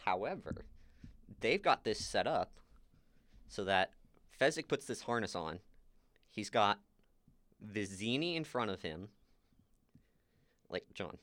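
A man's voice: on the low side, no echo. A man co-hosting a podcast, casually recapping a movie scene by scene and quoting the characters. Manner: animated retelling, quick quoted asides. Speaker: podcast co-host.

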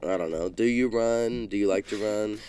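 A young man joking around in a casual group podcast chat, playful and quick to break into silly bits. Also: on the low side, mellow, clear, resonant tone.

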